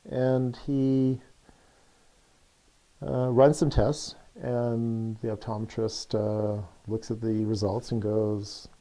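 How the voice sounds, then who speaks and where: A male coach telling a parable in a relaxed, conversational way, full of likes and uhs. His voice sits fairly low, with a warm, mellow tone. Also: slow. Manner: loose and chatty, many fillers. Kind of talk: casual storytelling.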